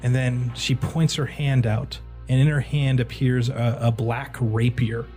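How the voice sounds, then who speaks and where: Man, game master of a horror tabletop game, loose and halting narration, faint music underneath. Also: mid-range voice, little pitch movement, mellow. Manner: casual, halting narration with fillers. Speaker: dungeon master.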